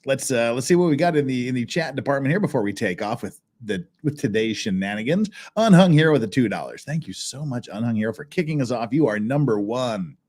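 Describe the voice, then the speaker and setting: A man's voice: medium pitch, expressive, fast, few pauses, darkish tone. A man hosting a casual livestream chat, reading viewer messages with frequent laughs, restarts and a rambling manner. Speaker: channel host.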